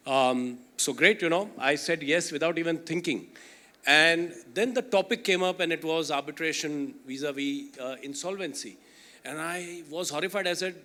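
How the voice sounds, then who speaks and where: A man's voice: fairly high pitch, normal speed, pushed and bright. A man moderating a conference panel, telling a self-deprecating anecdote and then introducing the panelists, with a chatty manner full of "you know".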